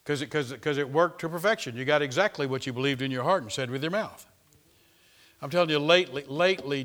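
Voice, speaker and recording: An older man preaching a sermon as pastor, repeating phrases and swinging from loud to hushed. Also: fairly high pitch, fast.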